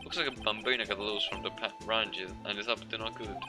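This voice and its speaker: A man voicing a swaggering cowboy detective who talks in a loud drawl, with game music behind. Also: fairly low pitch, steady tone, very slow.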